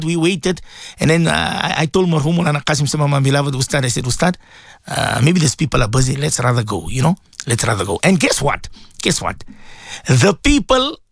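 A man presenting live on radio, giving religious advice in an emphatic, repetitive way that swings between loud exhortation and low earnest tones. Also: no echo, clean studio sound. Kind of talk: live radio preaching talk.

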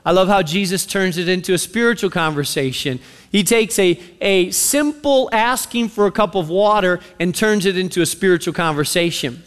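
A man preaching a sermon, retelling a story with animated, sarcastic acted-out voices. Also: sits high, moderate pace, smooth, in a large hall.

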